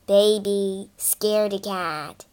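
An excitable, bossy boy, bold and teasing, as a woman reader puts him on. His lines leap up and down in a lively storybook reading. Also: high voice, measured pace, pitched above the performer's own voice. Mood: eager bossy.

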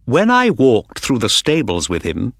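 A man voicing a confident, sharp-minded detective in an audiobook, speaking in a calm, assured way. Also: mid-range voice, a little slow, husky, no echo, clean studio sound, exaggerated voice. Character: sharp, confident male detective, middle-aged. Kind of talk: audiobook character reading.

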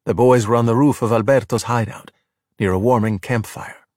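A man narrating a children's storybook in an expressive, animated way. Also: on the low side, brisk, slightly rough, no echo, studio quality. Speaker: audiobook narrator. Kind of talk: storybook reading.

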